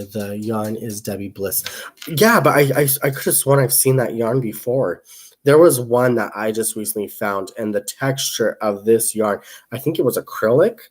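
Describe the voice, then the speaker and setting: A man's voice: mid-range voice, a little mellow. Chatty man crocheting on a livestream. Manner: rambling and chatty, reads viewer comments aloud, counts stitches under the breath. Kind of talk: casual livestream chat while crocheting.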